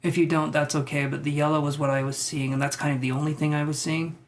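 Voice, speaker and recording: A man with a slightly raised voice gives tarot readings live, musing aloud and pausing often. He hedges his impressions gently and reassures the people watching. A faint background hiss sits under his voice. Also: on the high side, level tone. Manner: tentative, musing, thinks aloud with many fillers; reassuring to viewers. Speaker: tarot reader. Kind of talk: live-stream psychic reading.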